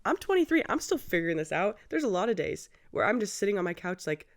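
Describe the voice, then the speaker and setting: A woman's voice: mid-range voice, big pitch swings, fast talker. A woman in her twenties hosting a casual solo podcast, chatty and effusive, laughing often. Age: 20s. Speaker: podcast host.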